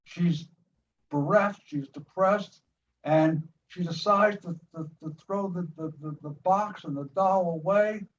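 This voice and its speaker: Older man with a fairly high voice. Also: recorded from a distance, highs cut off, slight background noise. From United States. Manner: retells scenes vividly, with many quick restarts and repeated words. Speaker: filmmaker being interviewed. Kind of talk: animated storytelling of a film scene.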